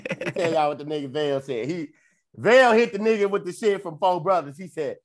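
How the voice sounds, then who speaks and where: Profane, animated man telling a story. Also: on the high side, a little fast. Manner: loose, profane, animated storytelling with quoted voices. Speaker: podcast co-host. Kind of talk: casual storytelling chat.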